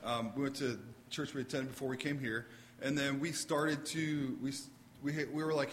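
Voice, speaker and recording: A man at a church service recounts his story. He talks in a halting way, restarting his sentences, and pokes fun at himself. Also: medium pitch, flat delivery, a bit bright, slight background noise. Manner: halting, self-deprecating, restarts. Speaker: husband sharing testimony. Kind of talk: casual testimony on church stage.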